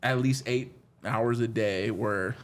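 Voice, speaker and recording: A man's voice: mid-range voice, slow. A man chatting casually on a podcast with friends, joking and cutting in to keep talking. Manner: joking, keeps pushing to be heard. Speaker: podcast guest, driving instructor.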